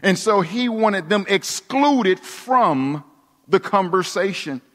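High-voiced man preaching in a hall. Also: lively intonation, slow. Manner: preaching with sweeping shifts between hushed and emphatic delivery. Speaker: pastor. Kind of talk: sermon. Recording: long reverb of a large hall.

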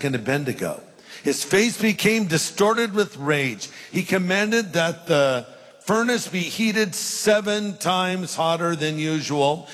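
A man's voice: a little high, fairly bright tone. A middle-aged male pastor preaching a sermon, reading scripture aloud and acting out the voices in it. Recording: long hall reverb.

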